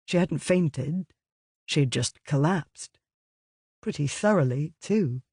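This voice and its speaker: A man reading an audiobook in a measured, even way. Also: a little high, husky, no echo, studio quality. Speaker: audiobook narrator. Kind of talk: scripted narration.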